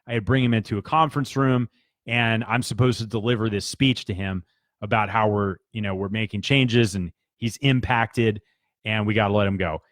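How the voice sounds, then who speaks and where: A man's voice: lowish voice, fairly even intonation, moderate pace, a bit bright, no echo, clean studio sound. A man telling a personal work story in a casual, earnest, conversational way, with restarts and fillers. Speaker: business speaker.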